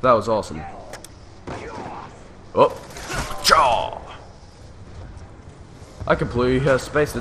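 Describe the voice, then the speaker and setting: A young man giving casual commentary while playing a video game, full of excited little exclamations. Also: mid-range voice, slow pace, pauses often, slight background noise. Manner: excitable, with lots of surprised exclamations. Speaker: gamer. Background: game music.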